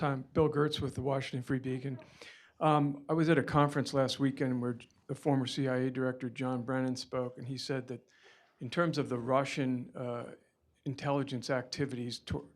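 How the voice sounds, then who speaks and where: Flat-voiced man asking a question. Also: medium pitch, moderate pace. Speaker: journalist asking an audience question.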